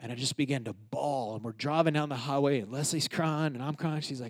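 A man who is a pastor telling a personal story in a sermon, moving between loud, emphatic lines and quiet, hushed ones. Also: medium pitch, a little fast, breathy edge.

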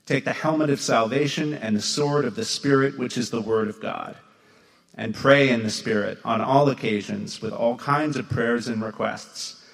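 Male scripture reader, gravelly voice, measured and formal. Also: mid-range voice, a bit bright. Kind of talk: reading scripture aloud.

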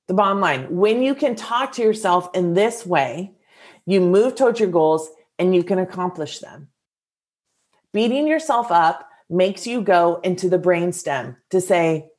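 A woman's voice: fairly low pitch, animated, unhurried. A woman coach giving a casual, earnest motivational talk to her listeners, encouraging and full of filler words.

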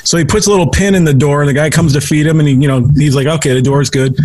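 A man's voice: on the high side, fairly even intonation, fast talker, darkish tone, no room sound. A man co-hosting a podcast, telling a long crude joke in casual chat with restarts and rambling. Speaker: podcast co-host and editor.

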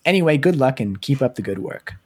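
A man's voice: medium pitch, big pitch swings, brisk, a little mellow, slightly rough. A man voicing a male listener in an exaggerated New Jersey accent as he reads out a review. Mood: hammy. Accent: New Jersey, put on.

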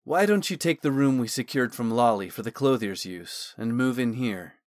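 A man's voice: mid-range voice, lively intonation, moderate pace, no room sound, studio quality, close to an everyday voice. A man reading the lines of a caring older-brother figure in an audiobook, teasing yet firm. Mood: persuasive.

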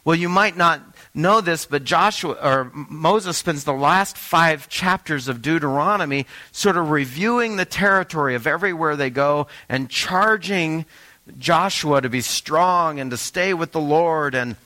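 A man's voice: fairly high pitch, a little slow, bright, forceful tone, rough recording. A man preaching a sermon, talking to the congregation in a conversational way and asking them questions. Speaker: pastor.

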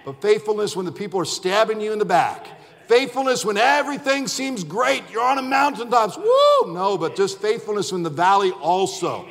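A man's voice: sits high, long reverb tail. A man in his forties preaching a fiery evening sermon as pastor, emphatic and impassioned, driving home repeated refrains. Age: 40s. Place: church sanctuary.

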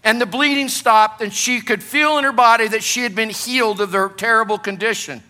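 High, bright-voiced male pastor preaching. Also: a little fast. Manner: energetic preaching with rhetorical questions to the congregation. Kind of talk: sermon.

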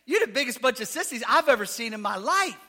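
A preacher doing a taunting giant warrior. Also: male voice, very high-pitched, very animated, fast, full character voice. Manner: mocking, loud and goading. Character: taunting giant male warrior, boastful bully.

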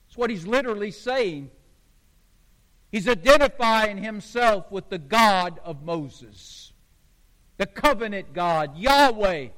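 A pastor from the United States preaches in a strikingly high voice, leaning hard on each point. He speaks slowly and deliberately. His sermon rings with the long reverb of a church sanctuary. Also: animated, fairly bright tone. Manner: emphatic, slow and deliberate, preacherly cadence.

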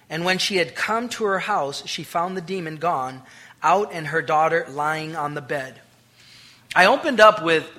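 A male pastor preaching a sermon, swinging between loud declarations and hushed, intimate lines and acting out the voices in his stories. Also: a little high. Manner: acts out quoted voices.

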